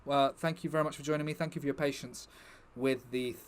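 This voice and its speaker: A man's voice: medium pitch, steady tone, fast. A young man chatting casually to his stream viewers, rambling and joking with the chat.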